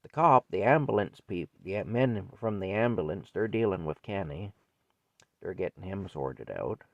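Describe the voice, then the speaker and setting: A man's voice: low-pitched, lively intonation, normal speed, creaky, no room sound, highs cut off. An older man telling a childhood story in a rambling, folksy way. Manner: rambling, folksy, repeats himself. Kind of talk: casual spoken memoir.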